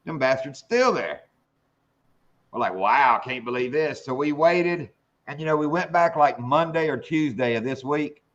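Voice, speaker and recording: A man's voice: fairly high pitch, animated, normal speed. A man hosting a fishing live stream, telling hunting stories in a drawling, salty way. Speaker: fishing show host. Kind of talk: casual storytelling chat. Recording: dull lo-fi stream audio.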